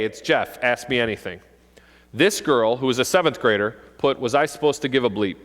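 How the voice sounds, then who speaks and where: A middle-aged man, a police officer, giving an animated talk to parents and acting out kids' voices. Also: medium pitch. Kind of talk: presentation to an audience. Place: school hall. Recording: long hall reverb.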